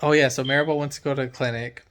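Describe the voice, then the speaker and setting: A man's voice: mid-range voice, fairly even intonation, rapid-fire, a bit bright. A man who works as a mechanic from home, telling a story in casual chat and acting out his own reactions with energy.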